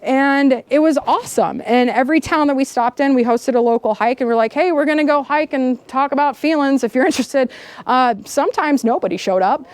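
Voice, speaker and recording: A woman in her thirties giving a storytelling keynote speech, animated, laughing often and acting out the people in her story. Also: high-pitched, fairly quick, no echo. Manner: animated, laughing, acts out dialogue. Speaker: keynote speaker. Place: outdoor camp gathering.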